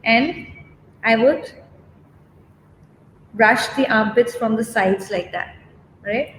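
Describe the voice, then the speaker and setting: A woman's voice: fairly high pitch, slow pace, fairly bright tone. Casting: woman groomer, chatty, reassuring, roomy echo, faint noise behind. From India. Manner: chatty, reassuring, many fillers and "okay?" checks. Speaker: dog groomer. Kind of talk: live demo and Q&A.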